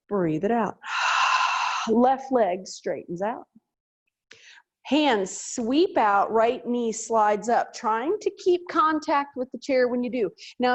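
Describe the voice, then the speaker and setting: Yoga teacher, woman, unhurried delivery, guides chair poses on a video call, playful asides between cues. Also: a little high, muffled recording. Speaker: yoga instructor.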